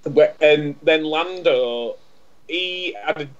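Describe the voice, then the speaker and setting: Slow and a little high-pitched, a man co-hosting a podcast wanders through a story in casual chat, stumbling and repeating words. The sound is dull and lo-fi.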